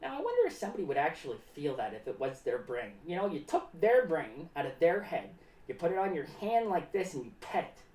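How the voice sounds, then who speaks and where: A woman playing an excitable, rambling clown character who talks about herself in the third person and hops between topics. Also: low-pitched, a little fast, recorded from a distance. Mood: musing. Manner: rambling, jumps between topics, sudden shouts and drops. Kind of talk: improvised comic monologue. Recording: roomy echo, away from mic.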